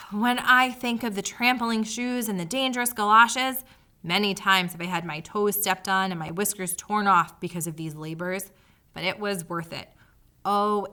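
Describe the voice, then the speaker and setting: A woman voicing a small, fretful male mouse who hoards his savings, speaking in a high, pitiful, flowery way. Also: sharp tone.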